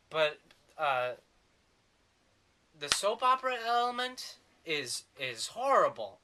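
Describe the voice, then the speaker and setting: A man's voice: fairly high pitch, sing-song, slow, pauses often, sharp tone, slight background noise. A man giving a sarcastic, rambling comedic movie review.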